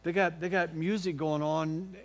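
High-voiced, unhurried male pastor. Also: fairly even intonation. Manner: folksy, encouraging, joking with the congregation; leads the congregation in song. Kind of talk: sermon.

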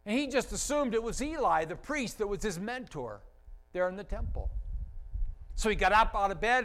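Animated pastor telling a story. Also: male voice, high voice, poor audio. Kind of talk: sermon storytelling.

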